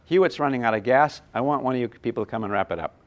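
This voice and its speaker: A man teaching a live physics workshop for teachers, animated and thinking aloud, poking fun at himself when he gets mixed up. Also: medium pitch, rapid-fire. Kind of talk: live classroom lecture. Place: lecture room with a live audience of teachers.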